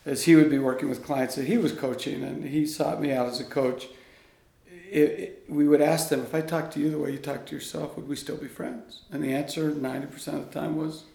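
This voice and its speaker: A man guest in an interview, a coach speaking in an earnest, animated storytelling way. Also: a little high, brisk, vocal fry. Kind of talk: conversational interview. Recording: echoey room.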